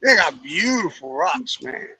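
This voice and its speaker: A man's voice: high voice, sing-song, measured pace, pushed and bright, husky, dry recording, poor audio. A man co-hosting a morning talk show, trading short laid-back reactions and asides in casual chat.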